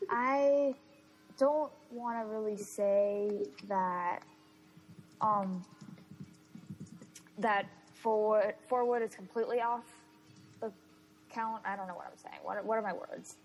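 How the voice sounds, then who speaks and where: A young woman co-hosting a fan podcast in casual chat, lively and given to acting out characters in funny voices. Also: fairly high pitch, normal speed, pauses often, low-quality recording. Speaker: podcast co-host.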